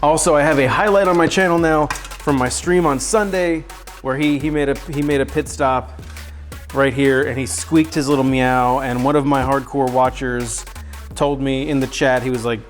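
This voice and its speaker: Cooking live from his home kitchen, a man chats casually on his stream, joking around and poking fun at himself. His voice sits in the mid range with fairly even intonation, he talks at a normal speed, and soft music plays in the background.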